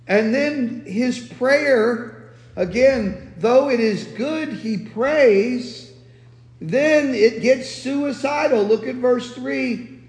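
Guy preaching slow and chatty, high voice, lots of uh's, big echoey hall. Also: a little mellow. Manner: conversational, many restarts and fillers. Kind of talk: expository sermon.

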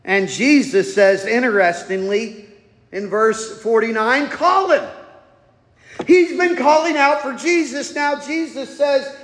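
A man with a strikingly high voice preaches slowly and deliberately. He bursts into loud emphatic cries, then drops to hushed asides. His words ring through a church hall with long reverb. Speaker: pastor. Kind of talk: sermon. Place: church sanctuary.

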